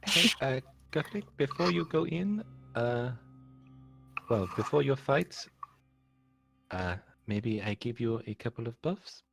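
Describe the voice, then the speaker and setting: Gravelly, lively-voiced player coaxing. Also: mid-range voice, takes it slowly, long pauses, soft background music, poor audio. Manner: coaxing, persistent offers. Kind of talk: tabletop role-play.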